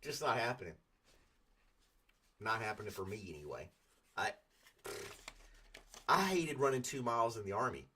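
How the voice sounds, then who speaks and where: A man's voice: on the low side, expressive, moderate pace, pauses often, noisy background. A man hosting a casual morning podcast, rambling in a folksy, self-deprecating way. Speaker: podcast host.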